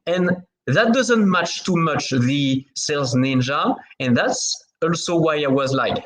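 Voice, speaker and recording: A man's voice: fairly high pitch, animated, slow pace, few pauses, low-quality recording. A man with a French accent hosting an interview podcast, talking with many fillers and restarts. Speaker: podcast host.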